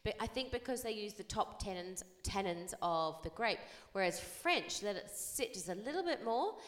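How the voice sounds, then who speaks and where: A woman's voice: mid-range voice, animated, normal speed. A woman co-hosting a podcast in casual chat, bubbly and playful, rambling a little. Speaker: podcast co-host.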